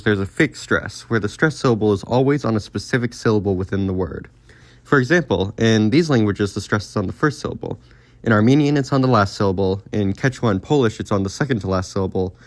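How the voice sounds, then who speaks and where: Low-voiced man narrating a dry explainer. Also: no room sound. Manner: steady, informative, lightly informal. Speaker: educational video creator.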